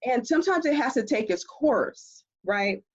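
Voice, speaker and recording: Animated, husky woman on a video call. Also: on the high side, moderate pace, highs cut off. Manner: animated, explanatory, laughs often. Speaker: guest expert. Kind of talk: conversational interview.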